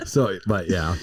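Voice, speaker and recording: A young man with a cold, co-hosting a casual podcast, rambling and swearing as he searches for words. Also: medium pitch. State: has a cold. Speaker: podcast co-host. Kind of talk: casual chat.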